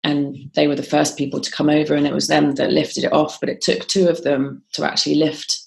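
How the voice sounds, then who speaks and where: Woman guest, low pitch, gravelly fry, hesitant storytelling with ums. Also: level tone, a little fast. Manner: frequent ums and restarts, quoting others as she tells it. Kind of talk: conversational interview storytelling.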